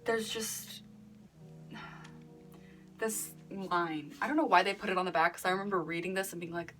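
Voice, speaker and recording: A young woman giving a casual book review vlog, animated and sarcastic, who mocks quoted lines in a breathy whisper. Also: lowish voice, moderate pace, long pauses, faint music behind.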